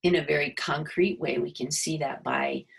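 A woman's voice: deep voice, steady tone, moderate pace, gravelly, slightly rough, poor audio. A woman hosting a casual conversation, talking thoughtfully and affirming her guest. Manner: thoughtful, affirming, many fillers.

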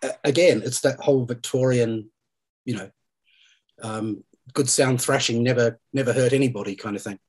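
Husky-voiced man in casual film chat. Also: medium pitch, normal speed, a little mellow, poor audio. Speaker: podcast host. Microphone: remote call.

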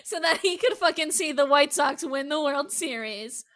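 A woman's voice: high voice, lively intonation, normal speed, fairly bright tone. A woman co-hosting a casual podcast chat about a TV show, talking emphatically and swearing heavily. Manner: emphatic, heavy swearing, gets worked up. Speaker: podcast co-host.

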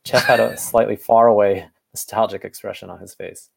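Man, gravelly low voice, casual fanfiction read-aloud, stumbles and corrects himself now and then. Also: fairly even intonation, normal speed. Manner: reads narration and dialogue with small slips and self-corrections. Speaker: fanfiction co-reader.

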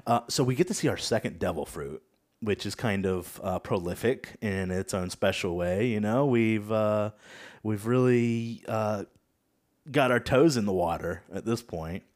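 Low-voiced male podcast host, easygoing. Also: a little slow. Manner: relaxed, hesitant, laughing often. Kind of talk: casual chat.

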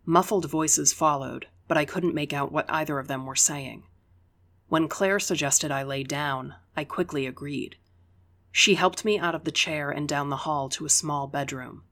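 An audiobook narrator reading a first-person story in an even, unhurried way. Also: medium pitch.

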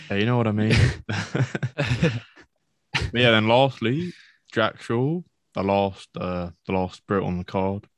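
Low-voiced chatty man, enthusiastic. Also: takes it slowly, long pauses, no room sound. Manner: chatty, enthusiastic, says "mate" a lot. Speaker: podcast co-host. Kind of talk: casual MMA fight recap.

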